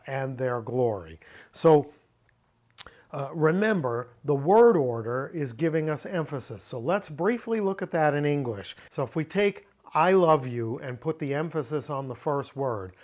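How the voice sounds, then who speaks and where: A man teaching a biblical Greek lesson, reading phrases slowly and deliberately, with frequent fillers and small self-corrections. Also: mid-range voice.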